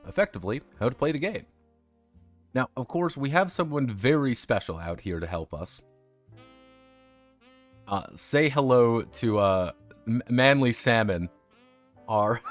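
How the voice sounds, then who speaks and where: Give me a low-voiced man casually rambling through a game review, profane, with faint music behind. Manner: rambling, profane, many fillers and restarts. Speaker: streamer reviewing a tabletop game. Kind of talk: casual chat.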